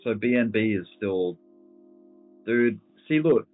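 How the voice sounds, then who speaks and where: Deep-voiced laid-back man on a tinny line. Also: animated, takes it slowly. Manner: laid-back, slangy, thinking aloud over charts. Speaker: host. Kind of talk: casual crypto market commentary. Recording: phone-like lo-fi audio with faint music.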